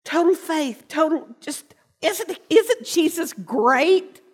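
An older woman giving a personal storytelling sermon, earnest, with pauses and restarts. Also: high-pitched, lively intonation. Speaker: lay preacher and teacher. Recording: long reverb of a large hall.

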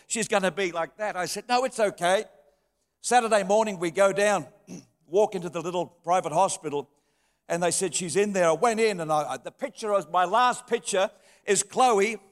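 A middle-aged pastor with a notably high voice gives a heartfelt sermon. He tells personal stories, sinking to soft tones and then lifting again. His words ring out with a long, echoing reverb in a church hall. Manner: heartfelt storytelling, dropping soft then rising.

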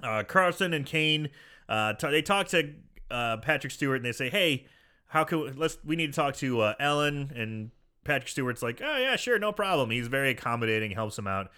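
A man co-hosting a casual chat, retelling a film scene with animated storytelling, acting out the characters' lines. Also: mid-range voice, moderate pace, smooth. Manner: animated storytelling, acting out quoted lines, frequent laughs and swearing. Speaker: podcast co-host recapping a film.

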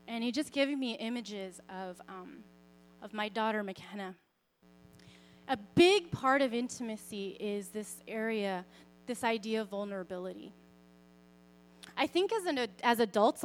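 High-voiced woman sharing an earnest testimony. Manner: conversational and earnest, with frequent fillers and asides. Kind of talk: sermon-style personal testimony.

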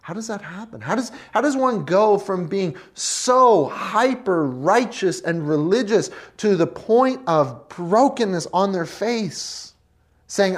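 Slow, impassioned preacher. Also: mid-range voice, lively intonation. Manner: passionate, swings from hushed to loud and emphatic; addresses listeners as friend. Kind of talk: sermon.

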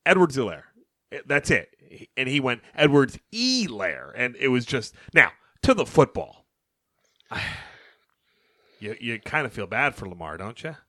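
A young man co-hosting a sports podcast, animated and talking over his co-host as he recaps games. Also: mid-range voice, measured pace, no room sound. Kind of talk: casual sports chat.

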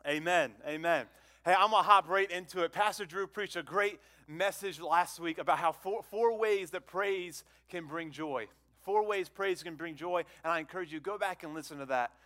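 A man preaching a sermon to a congregation, conversational and repetitive, asking them questions and swinging between loud exclamations and hushed phrases. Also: high-pitched, moderate pace. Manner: conversational, repeats words, asks the congregation questions. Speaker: pastor.

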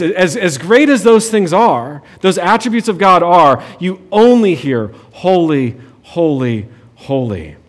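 A man preaching a sermon in a conversational way, with frequent restarts and light humor. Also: high-pitched. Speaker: pastor.

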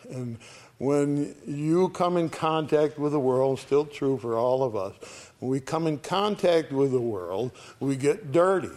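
A man's voice: mid-range voice, darkish tone. Man preaching a conversational sermon. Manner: conversational Bible teaching, reads scripture aloud; often checks in with "all right?".

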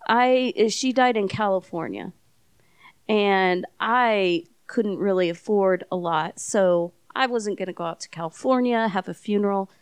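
A woman's voice: medium pitch, measured pace, clear, resonant tone, dry recording. A woman hosting a podcast in casual chat, telling stories with lots of fillers and restarts. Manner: rambling storyteller with many fillers. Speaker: podcast host.

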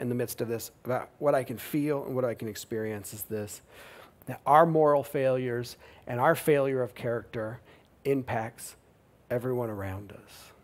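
A man delivers a sermon, retelling a scripture story in a slightly high voice. He swings between loud, emphatic lines and quiet, low asides. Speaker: pastor.

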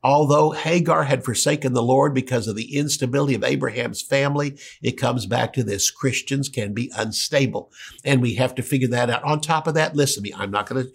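A man preaching a sermon, earnest and emphatic, swinging between raised peaks and quiet low passages. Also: brisk, creaky, husky.

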